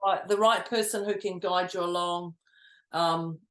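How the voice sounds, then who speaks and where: A woman's voice: lowish voice, fairly even intonation, measured pace, a bit bright. Chatty woman co-host in a roomy echo. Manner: chatty, laughs often. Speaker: podcast co-host, coach. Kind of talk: casual chat.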